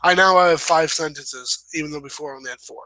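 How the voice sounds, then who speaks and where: A young host pitched a little high delivers a casual writing lesson in a bright, forceful voice, a little fast and relaxed, rambling and stopping to correct himself and apologize. The sound is close and dry, without room echo.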